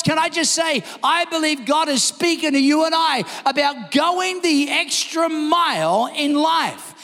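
A man preaching a sermon, telling a story with energy and shouting the quoted lines. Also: extremely high pitch, lively intonation, measured pace, hardly any pauses. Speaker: pastor. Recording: long hall reverb.

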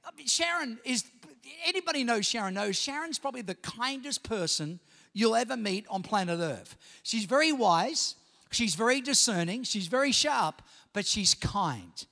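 A middle-aged man with an Australian accent preaching a sermon, telling personal stories in an animated way that climbs to shouting. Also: very high voice, moderate pace, creaky. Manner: animated storytelling, rising to shouts. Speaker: pastor. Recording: long hall reverb.

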